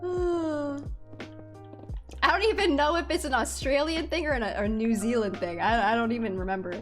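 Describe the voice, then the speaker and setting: A young woman streaming a game, chatting casually with her viewers and laughing often. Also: high voice. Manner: chatty and giggly, talking to chat. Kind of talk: casual live-stream chat while gaming. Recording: faint music in background.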